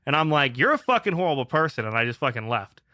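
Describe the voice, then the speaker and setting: A man's voice: mid-range voice, big pitch swings, fast talker, sharp tone, no echo, studio quality. Foul-mouthed man ranting through a story. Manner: profane, fired-up ranting. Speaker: podcast co-host. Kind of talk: casual podcast storytelling.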